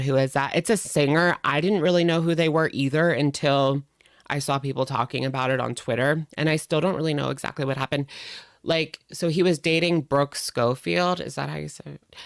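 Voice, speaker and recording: A woman's voice: low-pitched, fairly even intonation, normal speed, dry recording. Chatty woman streamer, dry close sound. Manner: rambling, chatty, greets viewers by name. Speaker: live stream host. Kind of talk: casual live stream chat.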